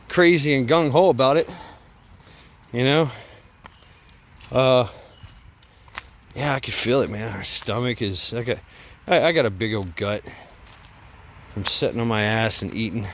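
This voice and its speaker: Walking by a creek with his phone in hand, a breathless vlogger chats in a laid-back, rambling way and laughs at himself. His mid-range voice is a bit bright, measured in pace with frequent pauses, and there's slight background noise.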